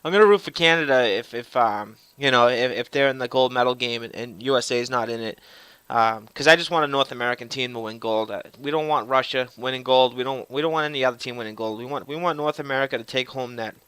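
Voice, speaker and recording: A man talks in a loose, rambling vlog style, swearing freely and tripping over repeated words. His voice is bright and crisp, and he sounds a little winded. The recording is dry and close. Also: mid-range voice, fast, no echo. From Boston. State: out of breath. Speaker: gaming channel host. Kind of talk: casual vlog chat.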